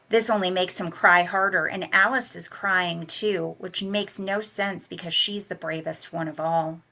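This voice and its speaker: Woman, novel read-aloud, measured and soft-spoken, crisp bright tone, lowish voice. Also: steady tone. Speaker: college director and humanities teacher reading aloud.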